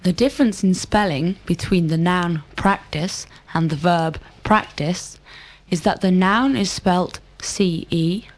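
A woman answers drill questions in careful, complete sentences. Her delivery is measured, and her voice sits slightly low for a woman. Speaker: model student.

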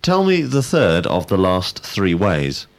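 A man giving a scripted grammar lesson, speaking in a measured, precise way and prompting answers. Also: deep voice, huge pitch swings. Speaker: language teacher.

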